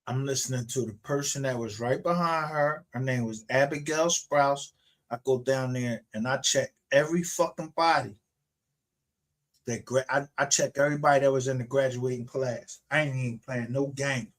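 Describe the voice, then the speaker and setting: A man's voice: medium pitch, fairly even intonation, moderate pace. A man ranting aggressively on a livestream, confrontational and full of profanity. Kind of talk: angry livestream rant.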